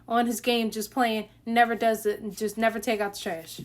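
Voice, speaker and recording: Young woman, casual storytime delivery, talks straight to camera, higher voice. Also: little pitch movement, fairly quick, few pauses. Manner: chatty, talks straight to the viewers with lots of fillers.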